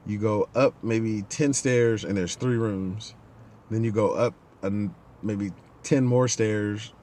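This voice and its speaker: A man's voice: on the low side, slow, a little hiss or hum. A man hosting a podcast, telling a casual story and acting out the people in it. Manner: animated, acts out the people in his stories. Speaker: podcast host.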